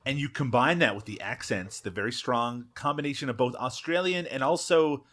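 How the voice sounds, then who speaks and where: A man's voice: mid-range voice, normal speed, a bit bright. A man co-hosting a film podcast, talking casually and at length, with frequent restarts and swearing. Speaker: podcast co-host. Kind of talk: casual chat.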